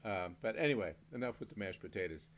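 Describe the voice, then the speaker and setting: A man's voice: on the low side, animated, fast, a bit bright, slight background noise. An older man from Maine hosting a home beer review, rambling through stories with mild swearing and frequent laughs. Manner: rambling storyteller, swears mildly, laughs often. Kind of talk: casual rambling monologue.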